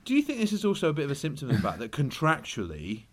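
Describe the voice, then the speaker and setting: A man's voice: a little high, huge pitch swings, racing. A man co-hosting a casual football podcast, talking in a rambling, hesitant way with many restarts. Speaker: podcast co-host.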